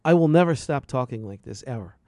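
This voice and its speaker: A man's voice: medium pitch, animated, a little fast, darkish tone, no room sound. A man hosting a radio health show, delivering an impassioned, repetitive, preachy monologue into a studio microphone.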